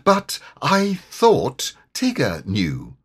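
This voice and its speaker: Sensible young boy, slightly raised, husky, as a man reads him. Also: mid-range voice, wildly swooping pitch, extremely slow, pitched above the performer's own voice, heavily acted. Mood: calm. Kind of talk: storybook reading.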